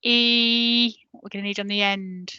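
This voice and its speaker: Slow, patient woman teaching phonics. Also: medium pitch, steady tone, bright, forceful tone, smooth, dry recording, lo-fi sound. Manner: patient, sounds out letters slowly and prompts repetition. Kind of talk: online phonics lesson for parents.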